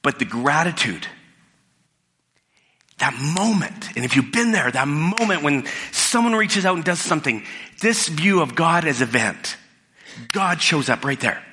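In a church hall that rings with long reverb, a middle-aged pastor tells his sermon like a casual story, frequently starting sentences over. His voice is on the high side and sharp, with lively intonation and an unhurried pace.

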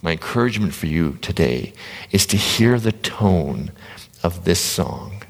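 A man with a low, deep voice delivers a motivational talk to a live audience. He is animated, acts out the voices in people's heads, and sometimes drops to a whisper. His voice carries a long reverb from a large gym hall. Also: unhurried, gravelly, slightly rough. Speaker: motivational speaker.

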